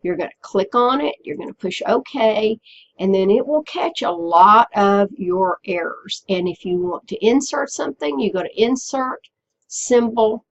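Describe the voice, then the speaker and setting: A woman teacher walking students through a software tutorial step by step, patiently checking in with them as she goes. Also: medium pitch, animated, unhurried, highs cut off. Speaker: Spanish teacher. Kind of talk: screen-recorded software tutorial.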